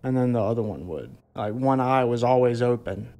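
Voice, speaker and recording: A man giving documentary interview testimony about an encounter, speaking haltingly with frequent restarts. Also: medium pitch, lively intonation, mellow.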